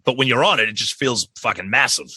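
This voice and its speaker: A man's voice: mid-range voice, quick pace, sharp tone, husky, no echo. A man co-hosting a podcast, recounting a trip in a casual, profane way. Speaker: podcast co-host. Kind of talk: casual chat.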